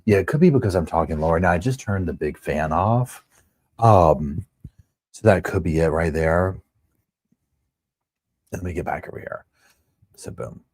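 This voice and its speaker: A man hosting a casual livestream, chatting to viewers in a quiet, hushed voice at home on a wireless microphone. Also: sits low, lively intonation, moderate pace, long pauses, no room sound. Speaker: livestream host. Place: at home with neighbors next door.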